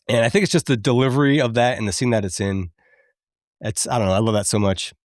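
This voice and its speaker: A man in his thirties hosting a podcast, chatty and quick to laugh as he recaps a film and admits it moves him. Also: mid-range voice, animated, no room sound, studio quality. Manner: chatty, laughs often, openly emotional. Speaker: podcast host.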